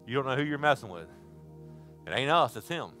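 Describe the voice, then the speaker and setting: A man preaching a sermon at a church service, telling stories in a folksy way and breaking into shouts. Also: medium pitch, very animated, brisk, faint music behind. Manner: folksy storytelling, bursts into shouting.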